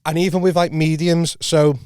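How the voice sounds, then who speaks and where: A man's voice: a little high, little pitch movement, moderate pace, darkish tone, smooth, dry recording, clean studio sound. A young man, co-hosting a podcast and telling a rambling story full of restarts and acted-out quotes. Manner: rambling, many restarts, acts out quoted voices. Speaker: podcast co-host. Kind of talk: casual storytelling chat.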